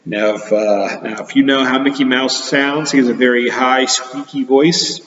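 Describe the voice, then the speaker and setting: A man teaching children, reading a storybook aloud in a playful, chatty and expressive way. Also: mid-range voice, normal speed. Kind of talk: storybook read-aloud for kids. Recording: echoey hall, dull lo-fi sound.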